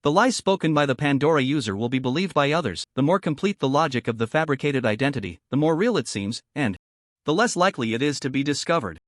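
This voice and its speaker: A man voicing a composed, gently amused young crafter of magical items. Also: medium pitch, animated, fast, no echo, studio quality, lightly acted.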